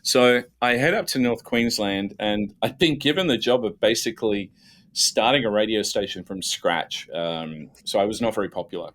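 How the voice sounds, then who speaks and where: A man, a guest telling lively, self-mocking stories from his career with many restarts. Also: lowish voice, normal speed. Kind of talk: casual storytelling.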